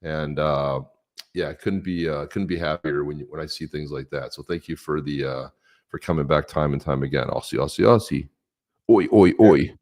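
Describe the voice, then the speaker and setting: A man's voice: a bass voice, moderate pace. A man hosting a casual podcast, joking and reading viewer comments aloud. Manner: jokey, animated, reads comments aloud. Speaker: podcast host.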